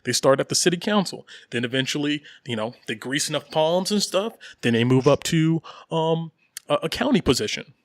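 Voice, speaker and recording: A man's voice: a little high, normal speed, no echo, studio quality. A man co-hosting a podcast in casual chat, rambling with lots of fillers and repeats and laughing as he talks. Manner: animated, laughs while talking. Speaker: podcast co-host.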